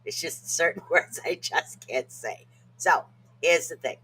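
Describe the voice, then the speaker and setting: A podcast co-host with a medium-pitched, slightly rough voice talks casually about self-help at a measured pace, the tone bright and forward. They joke around and laugh at themselves whenever tricky words trip them up.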